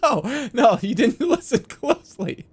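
A man with a high voice rambles casually to his live-stream chat from a desk mic, his pitch leaping all over. He is giggly and keeps cracking up into helpless laughter. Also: big pitch swings, a little slow, a little hiss or hum.

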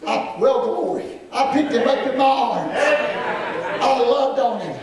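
High-voiced preacher booming in an echoey church. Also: male voice, slow, a crowd in the background. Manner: emphatic preaching that swells into shouts, then drops low; exclamations of "well, glory". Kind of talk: sermon. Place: church sanctuary. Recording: echoey sanctuary, far from the mic, congregation audible. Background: congregation calling out amens.

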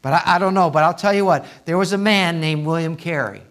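A male pastor preaching a sermon in a church, swinging from hushed asides to loud, impassioned appeals. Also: fairly high pitch, quick pace. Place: church sanctuary.

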